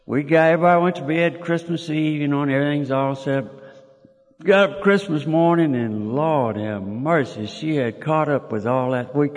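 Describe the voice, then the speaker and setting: An older man, telling a personal story in a folksy way, chuckling and restarting as he goes. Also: mid-range voice. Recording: long hall reverb.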